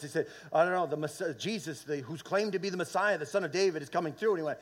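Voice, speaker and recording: A man with a high voice preaches a sermon in a church. He builds into loud, fervent bursts and calls on the room for amens. He often repeats and restarts words as he goes. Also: expressive, quick pace, hardly any pauses. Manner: fervent preaching with swells of volume and call-and-response. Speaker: pastor. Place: church sanctuary.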